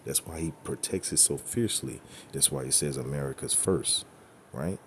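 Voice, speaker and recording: This religious teacher has an extremely low-pitched voice and talks at normal speed, with slight background noise. He teaches scripture bluntly and emphatically, swearing along the way and often checking in with "okay?" and "right?".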